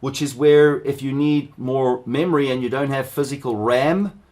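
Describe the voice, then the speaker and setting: A middle-aged man from South Africa runs a live training session. He talks in a loose, chatty way with plenty of asides to his viewers. His voice sits at an ordinary middle pitch. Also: normal speed, darkish tone. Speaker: cybersecurity instructor. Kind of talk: live workshop teaching.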